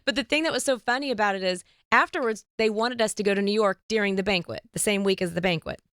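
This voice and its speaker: A woman hosting a podcast, telling a story in a lively, chatty way and squealing up high when she quotes herself. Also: quick pace, clean tone, dry recording, studio quality. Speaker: podcast host. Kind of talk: casual storytelling chat.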